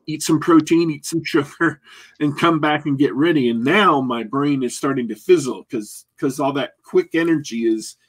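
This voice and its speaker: A man's voice: mid-range voice, breathy edge. A man co-hosting a podcast, rambling and joking at his own expense as he signs off the show. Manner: rambling, self-mocking, jokey. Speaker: podcast co-host. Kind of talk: casual podcast sign-off chat.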